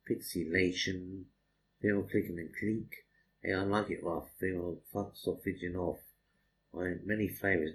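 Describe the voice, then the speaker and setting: A man's voice: deep voice, a bit bright, a little hiss or hum, rough recording. A man delivering a crude, profane, rambling stream-of-consciousness monologue.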